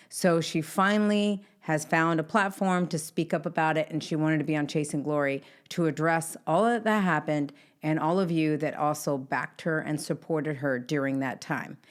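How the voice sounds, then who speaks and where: A woman's voice: deep voice, moderate pace, few pauses. A middle-aged woman hosting her own podcast, talking upbeat and chatty straight to her listeners. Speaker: podcast host. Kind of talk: casual solo podcast intro.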